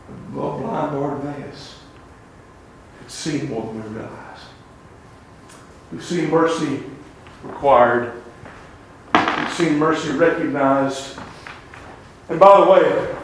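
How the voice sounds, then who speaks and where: A man preaching a revival sermon as an evangelist, swinging between shouted lines and hushed asides. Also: mid-range voice, far from the mic. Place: church sanctuary. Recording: echoey church sanctuary with faint room noise.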